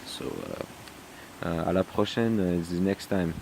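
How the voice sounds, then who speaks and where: A French man talking in a casual video diary in English with a French accent, halting with many fillers and slipping into French. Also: sits low, creaky, darkish tone, a little hiss or hum. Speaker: vlogger.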